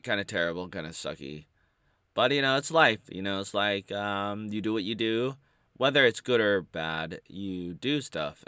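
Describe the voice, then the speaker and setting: A man talking to camera in a casual, rambling monologue, halting and full of playful wordplay. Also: lowish voice, sharp tone, clean tone, no echo, studio quality. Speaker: vlogger.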